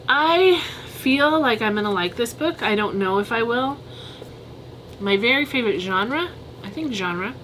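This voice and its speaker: A woman's voice: medium pitch, fairly bright tone, slight background noise, poor audio. A woman casually reviewing books on her vlog, chatty and candid, thinking aloud and giving frank opinions. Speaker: book vlogger.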